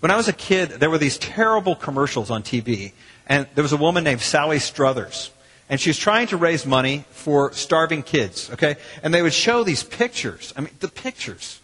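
A man, a pastor preaching a sermon in a church in a lively, conversational way with quoted asides. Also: fairly high pitch, moderate pace, breathy edge. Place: church sanctuary. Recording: long hall reverb.

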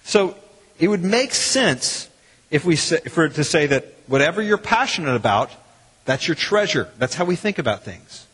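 A man, a pastor preaching a sermon in a church in a lively, conversational way with quoted asides. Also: fairly high pitch, moderate pace, breathy edge. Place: church sanctuary. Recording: long hall reverb.

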